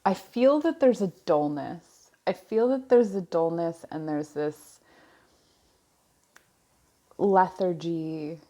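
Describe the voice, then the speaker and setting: A woman with a low voice gives a tarot reading into a close mic, wearing headphones. She talks slowly and softly. She pauses often as she searches for the next word. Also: very animated. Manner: slow, soft-spoken, searching pauses. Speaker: tarot reader. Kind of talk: pick-a-card tarot reading.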